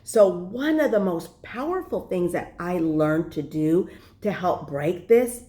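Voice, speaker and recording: A woman's voice: on the low side, animated, slow pace, warm tone. A woman life coach giving an earnest, conversational motivational talk to the camera, with frequent fillers. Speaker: life purpose and leadership coach.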